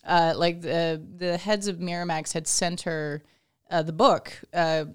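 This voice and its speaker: Brief: female podcast co-host, smooth lower voice, animated casual chat. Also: a little slow. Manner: chatty, animated, many fillers.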